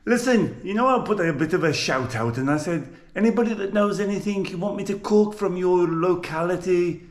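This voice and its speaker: A man's voice: high-pitched, a little fast. A man with a Birmingham accent chatting casually as he cooks for his vlog, jokey and rambling, filmed on a GoPro in a kitchen. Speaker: cooking vlogger. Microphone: GoPro camera. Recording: echoey room.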